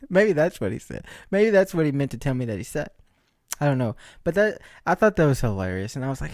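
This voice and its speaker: A man's voice: fairly high pitch, sing-song, fast, darkish tone, no echo. A man hosts his own podcast alone, talking in a slightly raised voice. He rambles through stories, jokes and laughs often, and keeps asking his listeners rhetorical questions. The recording is close and dry. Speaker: podcast host. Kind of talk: casual solo storytelling.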